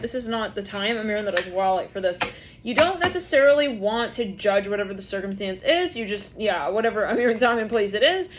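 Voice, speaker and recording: A woman's voice: mid-range voice, background noise. A woman giving a casual, rambling tarot reading, talking freely with lots of filler words. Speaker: tarot reader.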